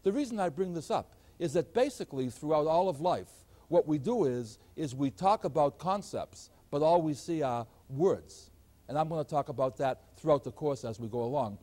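An older man, a math professor, giving an animated lecture in a storytelling teaching manner. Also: fairly high pitch, moderate pace. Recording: older recording.

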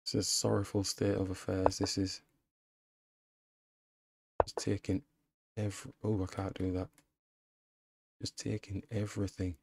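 A man's voice: deep voice, level tone, measured pace, creaky, pauses often, darkish tone, slightly rough. A man commenting casually on his own chess game, muttering frustrated remarks to himself. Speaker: chess streamer.

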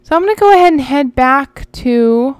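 A woman's voice: sits high, lively intonation, normal speed, no echo. A woman, chatting casually to viewers as she plays a horse game, rambling and talking to herself along the way. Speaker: gaming channel host. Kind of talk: casual gameplay commentary.

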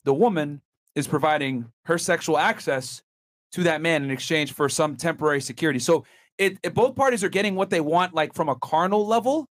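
Podcast host, man, slightly high voice, casual, halting with restarts. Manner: restarts and hedges with filler words. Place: podcast studio.

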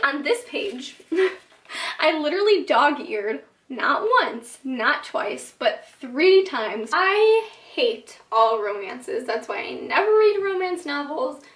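Gushing high-voiced young woman in an echoey room. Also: a bit bright, recorded from a distance. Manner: chatty and gushing, heavy use of "like", quick dramatic asides. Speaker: book vlogger. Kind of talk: casual talking-to-camera vlog. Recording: echoey room, slightly off mic.

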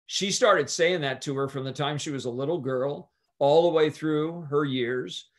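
A pastor and guest speaker telling a story in an interview, earnestly retelling past conversations line by line. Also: male voice, on the high side, normal speed.

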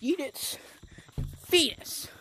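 A woman's voice: very slow, background noise. A woman vlogging casually while playing a VR game, rambling and telling stories full of fillers through a headset mic. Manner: rambling, chatty storytelling with many fillers. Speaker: gaming vlogger. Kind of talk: casual gameplay chatter.

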